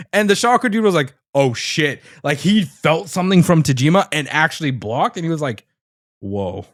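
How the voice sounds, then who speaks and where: Animated, laughing male podcast co-host. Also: fairly high pitch, moderate pace, no room sound, studio quality. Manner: animated storytelling, laughs often, swears casually. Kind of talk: casual chat.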